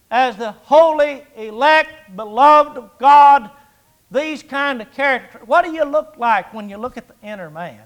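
A man's voice: high voice, a bit bright. A man in his sixties preaching a sermon in a folksy, conversational way, with jokes and rhetorical questions. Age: 60s.

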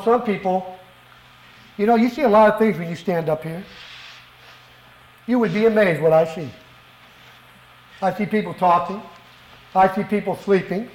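Fervent high-voiced male preacher. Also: darkish tone, echoey room, rough recording. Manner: fervent, emphatic, rhetorical questions. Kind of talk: sermon. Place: church worship hall.

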